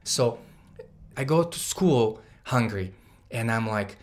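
A young man recounts a personal memory in a loose, conversational way, using many "like"s. His voice sits at an ordinary middle pitch. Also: expressive, slow pace. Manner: casual, says "like" often, grows louder and more emotional. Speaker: guest storyteller. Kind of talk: personal storytelling.

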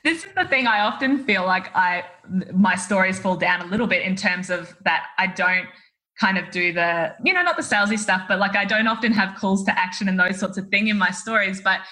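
A woman's voice: medium pitch, expressive, a little fast, bright, forceful tone. A woman, a photographer who is a guest on a podcast, talking candidly with lots of "like" and "you know". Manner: candid, self-deprecating, many fillers. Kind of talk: casual interview chat.

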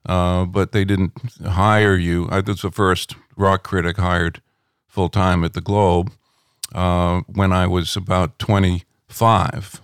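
Low, smooth-voiced man telling stories. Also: level tone, takes it slowly, no echo, clean studio sound. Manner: rambling anecdotal, many fillers. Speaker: rock critic guest. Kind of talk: relaxed interview storytelling. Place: home.

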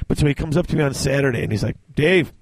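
A man's voice: mid-range voice, racing, dry recording. A man hosting a casual chat, telling a long story and acting out what others said. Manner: animated, acts out quoted dialogue. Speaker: podcast host.

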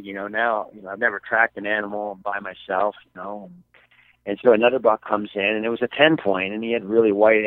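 A middle-aged man from Michigan, an archery filmmaker appearing as a podcast guest, tells hunting stories casually from his home basement, rambling with many fillers and restarts. His voice is fairly low. The dry recording sounds tinny, like a phone line.

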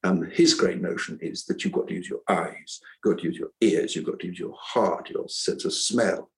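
The voice is low, with vocal fry, and the pace is moderate, though the audio is poor. It belongs to an older author and former teacher who reflects in an interview, earnest and meandering, often breaking off and starting sentences anew.

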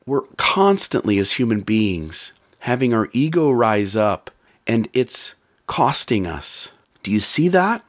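A man's voice: mid-range voice, very animated, slow pace. A man giving an earnest motivational talk about relationships, repeating phrases for emphasis.

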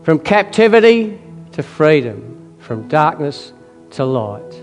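A man preaching a sermon, telling a wartime story with frequent coughs and throat-clearing, building to loud, emphatic climaxes. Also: a little high, big pitch swings, slow, soft background music.

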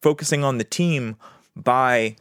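A man's voice: mid-range voice, unhurried, fairly bright tone, smooth, no echo, studio quality. A man co-hosting a podcast, talking in a laid-back, rambling way with restarts. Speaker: podcast co-host. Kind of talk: casual chat.

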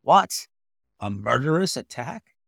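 A man's voice: mid-range voice, big pitch swings, slow, creaky, a bit bright, husky, no room sound, clean studio sound, exaggerated voice. A man playing a composed Victorian doctor. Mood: concerned. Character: composed Victorian male doctor, middle-aged.

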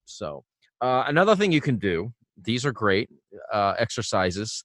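A man's voice: lowish voice, measured pace, no room sound. Chatty male vocal coach, dry sound. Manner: relaxed, chatty, full of fillers and restarts. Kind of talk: casual instructional talk.

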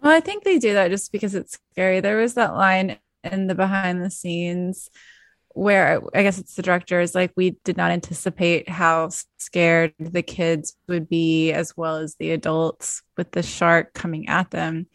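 A woman's voice: on the low side, fairly even intonation, moderate pace, no echo. A woman co-hosting a podcast, frankly arguing her view on a film and swearing casually. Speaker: podcast co-host.

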